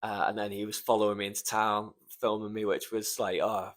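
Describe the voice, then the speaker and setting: A man's voice: lowish voice, completely flat delivery, brisk, a bit bright. Young male podcast host, casual solo storytelling, emotional and near tears, rambling with frequent swearing. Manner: emotional, swears often, trails off with ums. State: choked up, close to tears.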